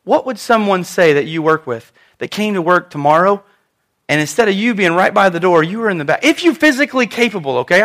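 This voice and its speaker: A man preaching a sermon in church, talking in an animated, conversational way with asides to the congregation. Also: high voice. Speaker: pastor.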